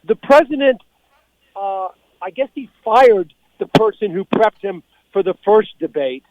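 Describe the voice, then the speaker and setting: A man calling in as a political guest commentator, talking in a measured, deliberate way with many fillers. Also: sits high, animated, background noise. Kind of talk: radio call-in commentary. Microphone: telephone. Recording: tinny phone line.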